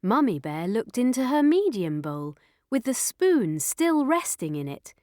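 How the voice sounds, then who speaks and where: A woman reading a children's story aloud in a slow, clear, expressive way. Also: medium pitch, no echo, clean studio sound.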